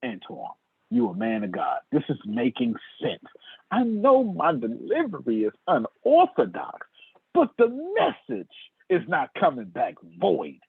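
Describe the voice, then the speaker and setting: Preacher-style sales trainer, man, husky voice, wildly swinging pitch, phone-quality audio. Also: a little slow, no echo. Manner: animated, preacher-like, calls on listeners by name. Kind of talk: sermon-style sales lecture. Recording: tinny dry phone-like line.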